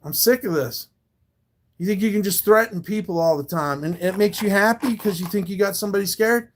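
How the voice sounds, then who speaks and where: A man's voice: high voice, a little fast. A man live streaming, talking back to his viewers in a confrontational, profane rant.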